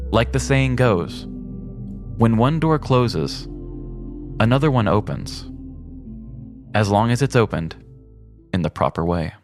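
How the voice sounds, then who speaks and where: Male podcast co-host, lowish pitch, relaxed chatty delivery, acts out quotes. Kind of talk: casual chat, retelling a story.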